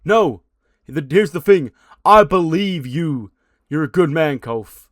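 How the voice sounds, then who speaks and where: Man doing a fired-up male wrestler, loud, emphatic, agitated, raised pitch, dry sound. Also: lively intonation, slow pace, no room sound. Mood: heated. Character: fired-up adult male wrestler scolding a friend.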